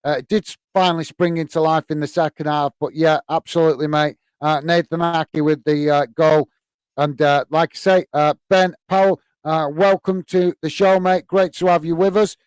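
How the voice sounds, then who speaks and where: A man's voice: on the high side, level tone, normal speed, clean tone, no echo. A man from the UK hosting a live football watch-along, reading viewer comments in a hesitant, friendly way with lots of fillers and calling people mate.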